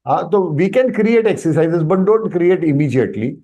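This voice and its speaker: A man with an Indian English accent teaches Sanskrit in an online workshop, speaking a little fast in an expressive, mellow voice that sits a little high. Over the video call he explains, questions students along the way, and mixes in Hindi with his English.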